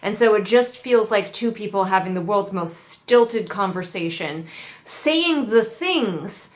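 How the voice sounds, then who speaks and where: Sarcastic lady ranting about a book she hates, swears a lot, mid pitch. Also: animated, a little slow. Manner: sarcastic, swears freely, mocks characters in voices. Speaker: book reviewer. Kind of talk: casual book critique.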